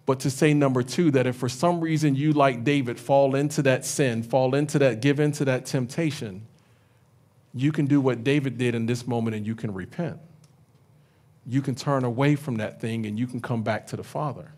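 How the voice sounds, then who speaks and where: A man preaching a sermon as pastor, animated, retelling scripture in everyday speech. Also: medium pitch, moderate pace. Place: church sanctuary.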